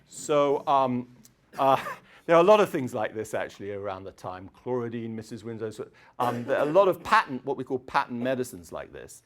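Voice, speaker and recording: Chatty male lecturer, lively pitch. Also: a little fast. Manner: chatty, digressive, frequent throat clearing and fillers. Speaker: university lecturer. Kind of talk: public lecture. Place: lecture hall.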